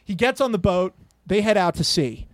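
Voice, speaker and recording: A man with a high voice tells an over-the-top movie pitch like a comedian on a podcast, swearing freely and jumping into characters' quoted lines. The sound is dry and close to the mic, with no room around it. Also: no room sound. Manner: animated, profane, acts out characters' lines in quick quotes.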